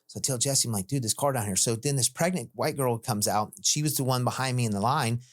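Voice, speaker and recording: A man's voice: mid-range voice, fast. A man telling a story from his own life in casual podcast chat, rambling and profane, full of "like" and "dude", acting out the voices of the people in it.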